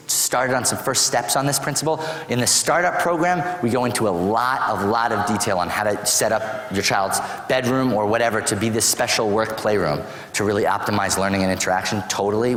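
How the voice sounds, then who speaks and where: A man giving a lively seminar talk on a parenting program, acting out conversations with parents as he teaches. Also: medium pitch. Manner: animated storyteller acting out parent dialogues. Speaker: autism program presenter. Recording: echoey hall with long reverb.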